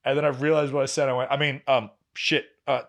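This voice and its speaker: A man's voice: mid-range voice, racing. A young man, a podcast co-host, telling a story in casual chat, acting out what others said and swearing freely. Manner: animated, acts out quoted voices, laughs and swears freely.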